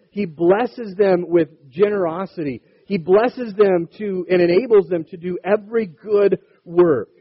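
A man's voice: high-pitched, husky. A man preaching an earnest sermon as pastor, reading scripture aloud and urging his listeners. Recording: dull, dry lo-fi recording.

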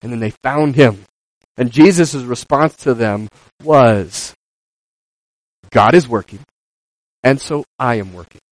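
A man preaching a sermon, moving between loud emphatic passages and quiet asides, acting out quoted voices. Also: slow pace, pauses often, dry recording, rough recording. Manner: acts out quoted voices with rising pitch.

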